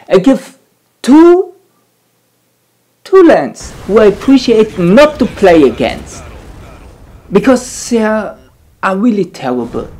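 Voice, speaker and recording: A man speaking English, ranting and swearing through casual gameplay commentary. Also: high voice. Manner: ranting, swearing, shouting at the game. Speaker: gamer. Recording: game music playing behind.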